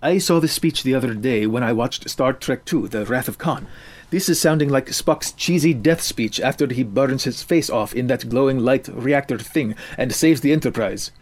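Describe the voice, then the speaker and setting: A grumpy, know-it-all teenage boy who complains in a steady, pedantic drone, as a male storyteller voices him. His voice stays close to the storyteller's own. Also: medium pitch, normal speed, lightly acted. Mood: grumbling. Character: grumpy, nerdy 13-year-old boy musician.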